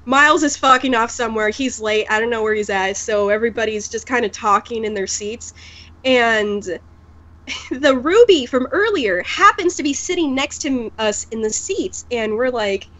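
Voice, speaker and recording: A young woman, a podcast guest, telling an animated story and mimicking the people in it. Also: on the high side, moderate pace. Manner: animated, mimics voices in anecdotes. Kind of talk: casual storytelling.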